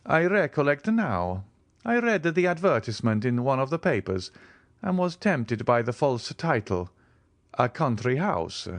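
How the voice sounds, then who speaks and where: A man voicing a wealthy, self-assured nobleman who speaks crisply and offhandedly. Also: medium pitch, very animated, unhurried, no echo, pitched above the performer's own voice. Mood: cool, assured. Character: rich, cool, commanding nobleman, adult man.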